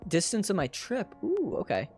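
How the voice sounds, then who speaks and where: Giggly female gaming streamer with a lively, animated voice who swears casually and reads game text aloud. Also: medium pitch, moderate pace, soft background music. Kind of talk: casual live-stream commentary.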